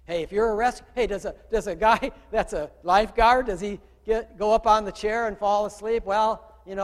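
A man, the pastor, giving a conversational sermon, asking his congregation questions and swinging from quiet talk to loud calls. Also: sits high, fairly even intonation, normal speed, hardly any pauses, long reverb tail. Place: church room with a congregation.

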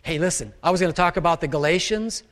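A pastor preaching a sermon, animated, acting out the voices of the people he quotes. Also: a little high, fast talker. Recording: long reverb of a large hall.

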